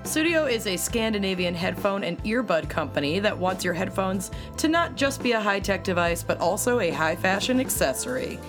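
A young woman co-hosts a podcast with an animated, swinging voice. She laughs often and swears freely in casual chat. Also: medium pitch, moderate pace, few pauses, music in the background. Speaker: podcast co-host.

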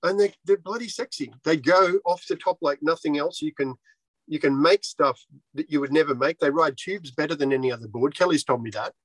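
A man's voice: fairly high pitch, a little fast, no room sound, low-quality recording. A man who designs surfboards, talking bluntly and swearing freely in a casual interview. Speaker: surfboard shaper.

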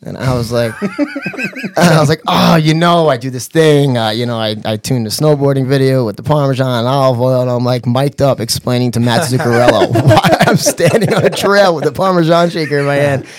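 A man telling a funny story in casual chat, animated and laughing often, with lots of "you know" and "bro". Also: medium pitch, fairly quick. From New York area. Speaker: podcast guest.

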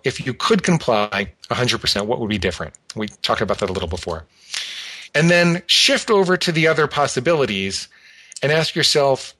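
A man guest calmly explaining an exercise step by step, sometimes acting out a tempting inner voice. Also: medium pitch. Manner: calm, explanatory, acts out an inner voice. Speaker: guest expert. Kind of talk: instructional talk.

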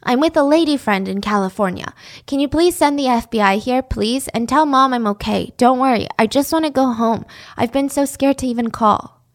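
A woman voicing a frightened twelve-year-old girl, pleading and quiet. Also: high voice, moderate pace.

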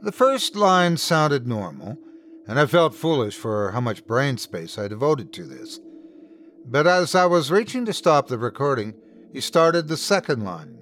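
A man hosting and narrating a scripted horror story in the first person, with lively shifts in tone. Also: mid-range voice, measured pace, a little hiss or hum. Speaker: host and narrator.

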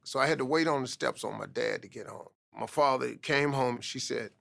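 A man's voice: mid-range voice, a little fast, vocal fry, hardly any pauses, pushed and bright. A man telling a life story in an emphatic motivational style, often stressing points with "man".

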